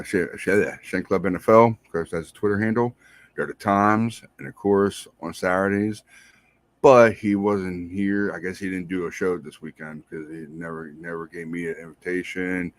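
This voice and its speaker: A married man hosting a podcast, giving casual, rambling shout-outs to listeners and repeating himself in a friendly way. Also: sits low. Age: adult, married. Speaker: podcast host.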